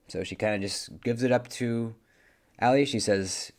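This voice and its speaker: Low-voiced man rambling through a plot recap. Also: steady tone, moderate pace. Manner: rambling, many fillers and self-corrections. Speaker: movie reviewer.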